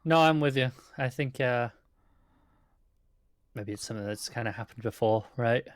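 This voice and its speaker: A man's voice: medium pitch, moderate pace, dry recording, clean studio sound. Agreeable British man co-hosting. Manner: agreeable, thinks aloud with fillers. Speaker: podcast co-host. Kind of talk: casual TV review chat.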